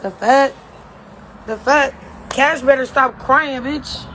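Woman, high voice, profane taunting rant, laughing, direct to camera. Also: slow, a bit bright, a little hiss or hum. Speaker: reality show cast member.

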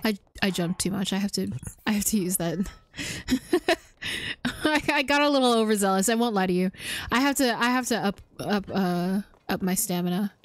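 A woman streaming a video game, chatting casually and poking fun at herself as she thinks out loud. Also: medium pitch, normal speed, no room sound. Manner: chatty, self-deprecating, thinking aloud. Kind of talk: casual gameplay commentary.

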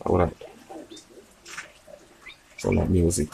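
Hushed man, gravelly, lowish voice, phone vlog, faint hum behind. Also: completely flat delivery, slow. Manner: talks quietly, keeping his voice down. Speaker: vlogger. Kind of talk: casual chat to camera.

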